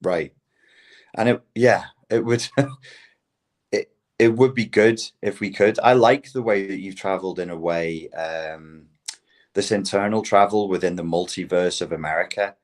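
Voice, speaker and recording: On a podcast, a male guest with a fairly low voice chats loosely and casually, never hurrying. He tells stories full of swearing and occasionally performs animated quoted voices.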